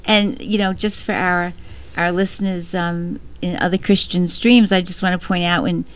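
A woman hosting a Christian talk show, her voice sitting slightly low. She prompts her guest to share a story and pauses to explain things for her listeners in a relaxed, chatty way. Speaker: radio show host. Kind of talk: casual chat.

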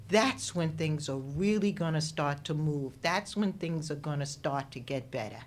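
A woman's voice: low voice, normal speed, hardly any pauses. A woman, a radio guest, giving an inspirational faith talk with preacherly rises and falls. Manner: preacherly, rising and falling with emphasis.

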